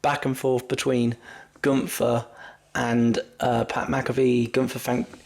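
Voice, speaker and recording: Male podcast host with a bit of vocal fry, loose, rambling and self-deprecating. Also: mid-range voice, flat delivery, takes it slowly, darkish tone. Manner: rambling, self-deprecating, stumbles over words. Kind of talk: casual wrestling recap chat.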